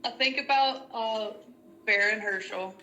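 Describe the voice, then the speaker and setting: Bright chatty woman playing a tabletop game, roomy echo, faint hiss. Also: a little high, a little slow. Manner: chatty and hesitant, many fillers and restarts. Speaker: player. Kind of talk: casual tabletop game chat. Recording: echoey room recording.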